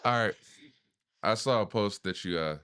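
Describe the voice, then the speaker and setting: A man hosting a podcast, asking a guest questions in a loose, halting way with fillers. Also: fairly low pitch, a bit bright, smooth. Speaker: podcast host. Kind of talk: casual interview.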